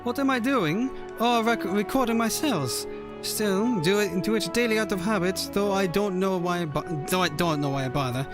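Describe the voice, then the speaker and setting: A man's voice: high voice, moderate pace, over music, voice pushed up, close to an everyday voice. A man voicing a weary, downcast harbor merchant in a video game, reading the lines in a gloomy, sighing way. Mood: resigned.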